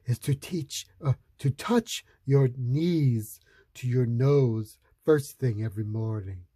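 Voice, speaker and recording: A man voicing a very old, wise wizard who speaks slowly in a mysterious hush. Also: mid-range voice, breathy edge, dry recording, studio quality. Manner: slow, hushed whisper.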